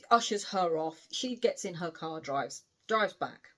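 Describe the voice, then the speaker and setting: A British woman chats through the whole plot of a book, animated and cheeky, with frank asides and the occasional swear word. Her voice sits at an ordinary middle pitch for a woman. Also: moderate pace, hardly any pauses. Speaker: book reviewer. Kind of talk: casual spoiler recap of a novel.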